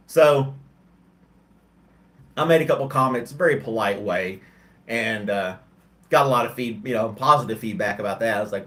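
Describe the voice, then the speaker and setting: A man's voice: lowish voice, unhurried, long pauses, sharp tone. Tired, rambling man chatting on a stream. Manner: rambling and hesitant, many ums and restarts. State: tired, yawning. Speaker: host of a livestream chat show. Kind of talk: casual chat with live chat viewers.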